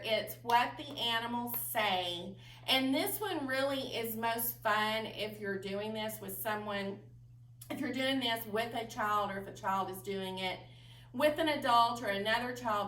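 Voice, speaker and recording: A woman librarian reading a picture book and leading rhymes for young children in a slow, sing-song, expressive way. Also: fairly high pitch. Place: library room. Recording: echoey room, mic at a distance, faint hum.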